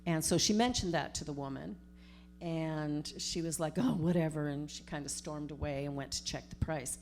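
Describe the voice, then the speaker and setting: A middle-aged woman, a minister giving a storytelling sermon in a conversational, animated way. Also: deep voice, normal speed, slight background noise. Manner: conversational, animated retelling with acted-out quotes.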